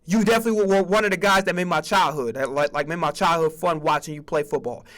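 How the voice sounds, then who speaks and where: A man's voice: fairly high pitch, quick pace. A man hosting a stream, ranting casually about sports with profanity and acting out mock conversations. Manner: animated, profane, acts out mock dialogue. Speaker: streamer host.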